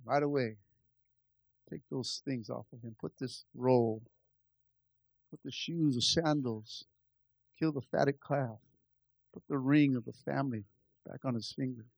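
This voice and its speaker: A man's voice: mid-range voice, measured pace, gravelly, long pauses, a little mellow, dry recording. A man preaching a fervent sermon to his church, repeating his calls to the congregation. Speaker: pastor. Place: church service.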